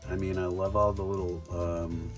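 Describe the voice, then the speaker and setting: A man's voice: deep voice, flat delivery, moderate pace, over music. A middle-aged man reviewing toys in a casual unboxing, fond and chatty, full of ums and restarts. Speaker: toy reviewer.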